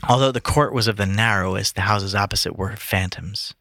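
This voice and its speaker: A man's voice: on the low side, fairly quick, fairly bright tone, no room sound, studio quality. A tired man reading a classic story aloud to friends late at night, often stumbling and restarting lines. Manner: stumbling, restarting, swearing when lost. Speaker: reader among friends.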